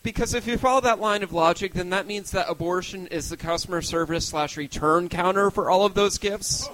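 High-pitched young male comic, self-mocking, loose rambling delivery. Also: fairly even intonation, moderate pace, fairly bright tone, low-quality recording. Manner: self-deprecating, rambling with restarts. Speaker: stand-up comedian. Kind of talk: stand-up set.

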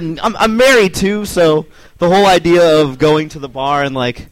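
A man's voice: a little high, normal speed, no room sound. A man in his twenties, guest on a podcast recorded in a bar, joking and swearing in casual banter. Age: 20s. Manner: joking, swearing, self-deprecating.

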